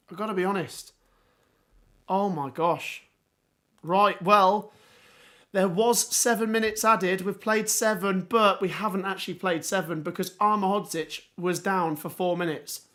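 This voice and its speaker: A man hosting a live football watchalong, hoarse with his voice going, reacting in excited exclamations. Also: sits high, a little slow. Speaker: livestream watchalong host.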